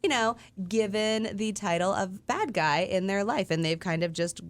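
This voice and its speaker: A woman's voice: medium pitch, normal speed, no echo. A woman, co-hosting a radio show in casual chat, laughing often and trailing off mid-thought. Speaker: radio co-host.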